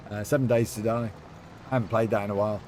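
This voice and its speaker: A man's voice: on the low side, fairly even intonation, quick pace, darkish tone, a little hiss or hum. Chatty man streaming a game. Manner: chatty, reads out and answers chat. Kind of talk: casual live-stream chat.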